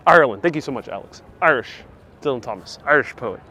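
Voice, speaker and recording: A man's voice: medium pitch, animated, fast talker, pushed and bright. A man hosting a casual live-stream walking tour outdoors on city streets, chatting away and reading out viewer comments with frequent laughs. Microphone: wireless clip-on mic with phone on gimbal.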